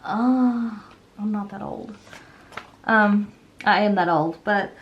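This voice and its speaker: A woman's voice: mid-range voice, slow pace, highs cut off. A woman in her thirties chatting casually while decorating a planner, rambling with lots of ums and self-corrections, a little tired. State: yawning, a bit tired. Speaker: planner vlogger.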